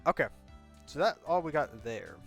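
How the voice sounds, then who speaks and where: A man's voice: on the high side, very animated, moderate pace, vocal fry, fairly bright tone, soft background music. A man playing a story game and chatting casually, thinking aloud as he goes. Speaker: gameplay narrator. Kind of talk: casual let's-play commentary.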